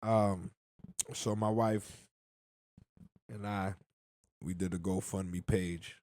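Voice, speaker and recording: Low-voiced rapper, subdued and halting. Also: male voice, fairly even intonation, a little mellow, slight background noise. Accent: Southern US, Miami. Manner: halting, filler-heavy, subdued. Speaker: rapper, interview guest. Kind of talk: casual interview talk.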